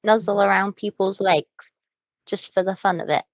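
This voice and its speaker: A woman's voice: mid-range voice, fairly even intonation, normal speed, no room sound. Playful woman player on dull lo-fi audio. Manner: playful, teasing. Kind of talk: casual tabletop play.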